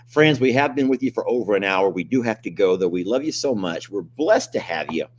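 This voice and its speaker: A man's voice: lowish voice, expressive, fairly quick, slight background noise. An older man, hosting a casual live-stream chat, joking and complaining animatedly. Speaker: host.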